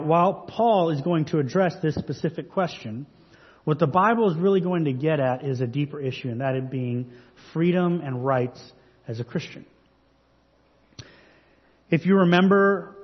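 Husky male pastor preaching in a reverberant hall. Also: on the high side. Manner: earnest, measured preaching with rhetorical questions. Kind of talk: sermon. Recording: dull recording with long hall reverb.

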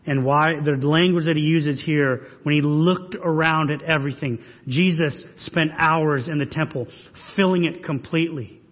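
A man's voice: fairly high pitch, normal speed, few pauses. A pastor delivering a sermon, preaching earnestly and pressing his listeners with rhetorical questions. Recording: husky voice in long reverb hall, dull sound.

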